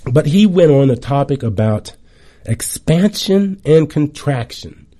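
Middle-aged guy doing a chatty wellness talk, really dark mellow tone, lots of little asides. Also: a little high, a little slow. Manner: chatty, animated storytelling with asides. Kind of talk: casual talk to an audience.

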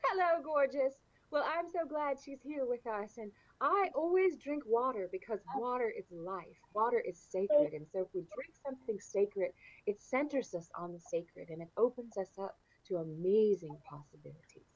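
A woman from the southeastern United States with a Southern accent, a guest chatting warmly and describing things in lush, colorful words. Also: fairly high pitch, lively intonation, normal speed, breathy edge, no room sound, muffled recording. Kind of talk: casual interview chat.

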